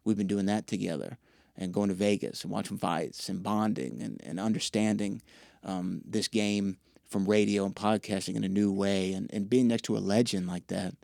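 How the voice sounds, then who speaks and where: A man's voice: on the low side, moderate pace, vocal fry, no echo, studio quality. A young man, a podcast guest, telling stories in a casual interview and acting out quoted dialogue. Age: young adult. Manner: animated storyteller who acts out quoted dialogue. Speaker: podcast guest, wrestling ring announcer.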